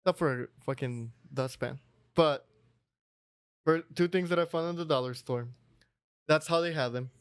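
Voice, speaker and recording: A man's voice: fairly high pitch, clear, resonant tone. A man co-hosting a casual podcast, bantering, laughing often and swearing. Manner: joking, quick to laugh, profane banter. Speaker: podcast co-host.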